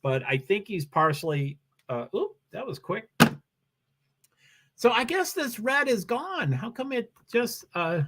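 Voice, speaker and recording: A man's voice: high-pitched, sing-song, a little slow, a bit bright, a little hiss or hum. A man hosting a live stream, giving casual commentary on a race and chatting with viewers in a rambling, self-interrupting way. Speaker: livestream host.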